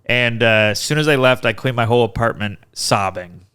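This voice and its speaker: A man's voice: medium pitch, animated, brisk, fairly bright tone, clear, resonant tone. A man as a podcast guest, talking casually and laid-back, mostly giving short agreeing replies. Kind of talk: casual chat.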